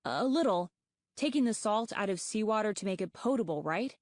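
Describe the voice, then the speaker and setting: A woman's voice: medium pitch, lively intonation, fairly quick, a little mellow, no room sound, clean studio sound, close to an everyday voice. A woman voicing a shy, bookish young male dragonet who stammers hesitantly.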